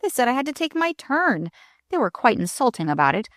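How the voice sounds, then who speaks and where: A woman's voice: a little high, big pitch swings, brisk, no room sound, clean studio sound, voice pushed up. A woman voicing a bored, condescending rich young man, eager and self-satisfied. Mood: smug.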